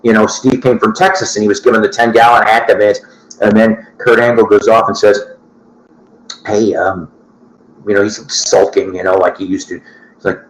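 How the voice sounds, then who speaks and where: With a low, steady voice and a fairly quick pace, a man hosts a record-collecting show in an echoing room. He chats loosely and ramblingly to viewers, swearing and laughing at his own asides.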